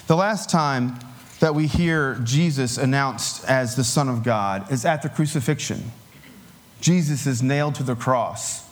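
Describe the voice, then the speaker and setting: A man preaching a sermon in a relaxed, conversational way, with filler words and light chuckles. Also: mid-range voice, a little slow.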